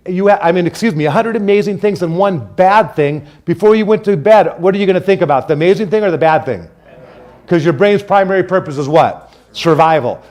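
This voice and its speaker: A man teaching a class in a room, energetic and prompting the students to repeat his phrases back to him. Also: high voice. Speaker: trainer. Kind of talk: classroom lecture with call-and-response.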